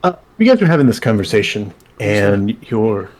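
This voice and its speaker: A man narrating a tabletop game as dungeon master, halting and full of fillers. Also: fairly low pitch, sing-song, darkish tone.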